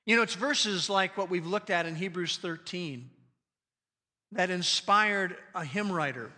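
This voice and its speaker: A man preaching a sermon as pastor, speaking emphatically with slow, deliberate stresses on quoted scripture. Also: sits high, bright, forceful tone. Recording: long reverb of a large hall.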